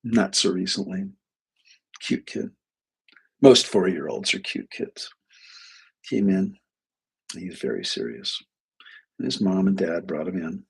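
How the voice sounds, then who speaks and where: Low, rough-voiced man telling a story. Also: animated, unhurried, long pauses, poor audio. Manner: rambling, with restarts and quoted dialogue. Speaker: psychologist hosting a live stream. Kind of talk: casual storytelling monologue. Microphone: webcam or desk mic on a live stream.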